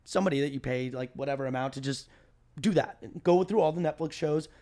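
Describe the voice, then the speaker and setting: A man's voice: a little high, brisk, mellow. A young man hosting a podcast in a casual, slangy, joking way. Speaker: podcast host. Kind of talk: casual interview chat.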